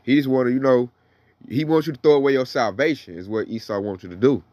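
A man's voice: mid-range voice, fast talker, warm tone, no echo, muffled recording. A man teaching the Bible in a casual, slangy preaching style, reading verses aloud between his comments. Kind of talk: casual sermon with scripture reading.

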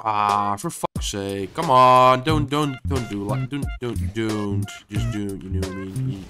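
Brief: young gamer man, excitable, swears, stammers, wildly swinging pitch over game music. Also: moderate pace, few pauses. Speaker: gaming YouTuber. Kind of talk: live gameplay commentary.

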